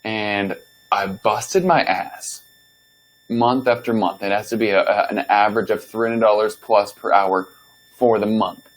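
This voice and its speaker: A young man hosting a podcast, telling a story from his past jobs in a loose, animated, swear-filled way and acting out what he said back then. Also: lowish voice, unhurried, rough recording. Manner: animated, profane, acts out his own past lines. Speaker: podcast host. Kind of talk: casual storytelling monologue.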